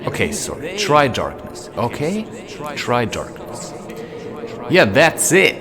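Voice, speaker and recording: A man's voice: medium pitch, huge pitch swings, takes it slowly, over music. A man vlogging with a handheld camera as he walks through a forest at night, musing in a meandering, self-interrupting way. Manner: meandering, self-interrupting, talks while walking. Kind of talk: rambling spiritual musing.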